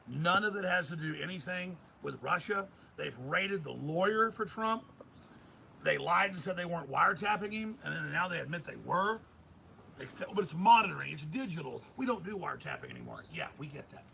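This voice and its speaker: Male radio host, middle-aged, raised and bright, delivering fired-up commentary. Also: fairly high pitch, big pitch swings, fairly quick, gravelly, a little hiss or hum, low-quality recording. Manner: intense, emphatic ranting. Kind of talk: heated political commentary.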